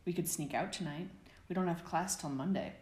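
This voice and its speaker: Casting: a woman doing a cocky, boisterous teen schoolboy, audiobook read, lowish voice. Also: brisk, darkish tone, reverberant, natural voice. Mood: teasing. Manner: teasing, boisterous. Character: young teenage boy, brash wizard schoolboy.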